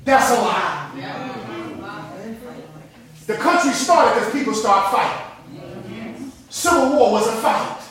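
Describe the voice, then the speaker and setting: A man preaching a sermon, telling stories with animation and building up to shouted preaching in front of a congregation. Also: extremely high pitch, animated, slow pace, pauses often. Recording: echoey hall, mic from a distance, congregation audible.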